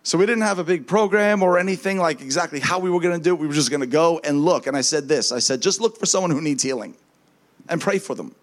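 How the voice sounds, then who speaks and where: Man, preacher, high voice, lively story-telling, plays the people in his story. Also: quick pace. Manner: animated, acts out voices, laughs often. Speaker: traveling minister. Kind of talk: storytelling testimony sermon.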